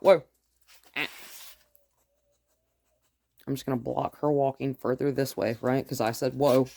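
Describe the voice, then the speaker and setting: A woman dog trainer who gives calm, firm commands to a dog and explains each step to the viewer. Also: rumbling low, measured pace, creaky, long pauses. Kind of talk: dog training lesson, talking to camera and dog.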